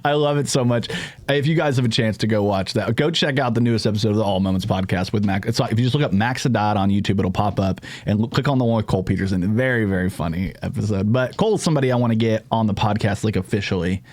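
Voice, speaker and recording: A man's voice: fairly low pitch, fast talker, darkish tone, no room sound. A man hosting a podcast, rambling through jokey, profane casual chat. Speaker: podcast host.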